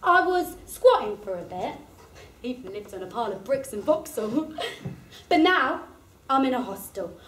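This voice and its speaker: A woman's voice: on the high side, sing-song, moderate pace, fairly bright tone, reverberant. An actress playing a chatty working-class woman, in a one-woman stage monologue. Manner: gossipy, laughing storyteller. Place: theatre performance space.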